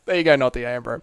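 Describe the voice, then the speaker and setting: A man's voice: a little high, clean tone, dry recording. A young Australian man reading out and answering chat messages on a live stream, swearing and bantering in a blokey way.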